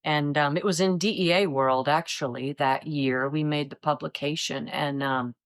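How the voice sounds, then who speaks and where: A woman in her fifties from Iowa, a retired agent telling stories in a relaxed interview and acting out the voices of others. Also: deep voice, normal speed. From Iowa, United States. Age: 50s. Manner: animated, acts out quoted voices. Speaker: retired DEA agent, guest. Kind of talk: casual interview storytelling.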